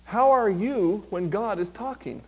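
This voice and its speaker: A male pastor preaching a sermon, reading scripture slowly and with emphasis, then talking plainly to his congregation. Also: high voice.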